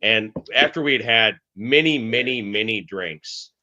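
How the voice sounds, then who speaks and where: Bright-voiced storytelling man, muffled. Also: fairly low pitch. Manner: storytelling, halting restarts, laughs. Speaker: host. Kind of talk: casual group chat. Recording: muffled lo-fi sound.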